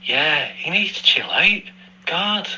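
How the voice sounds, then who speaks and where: Sweary British man, very bright voice. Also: on the high side, takes it slowly, poor audio. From United Kingdom. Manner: chatty, sweary, animated. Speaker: listener sending a voice message. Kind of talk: casual recorded voice memo.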